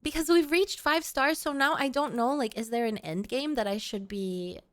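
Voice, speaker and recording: At home on a casual livestream, a woman VTuber jokes around with her audience, giggling and wandering from topic to topic. She speaks at a normal speed in a high-pitched voice.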